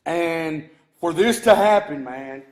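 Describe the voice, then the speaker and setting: Brief: angry dad, rambling live-stream rant, a bit high-pitched. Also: male voice, slow. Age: adult, married with kids. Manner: agitated, rambling, many restarts and "man". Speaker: vlogger talking to live viewers. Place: his shop, indoors.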